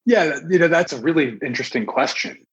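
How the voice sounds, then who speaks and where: A man's voice: fairly high pitch, lively intonation, fairly quick, slightly rough, highs cut off. A man in his late thirties, a podcast guest, speaking in an earnest, thoughtful way. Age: 30s. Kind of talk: reflective interview talk.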